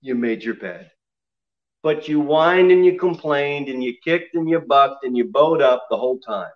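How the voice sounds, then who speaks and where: A man's voice: on the high side, moderate pace, dull audio. A man preaching a sermon to his congregation in an emphatic way, often asking them questions. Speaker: pastor.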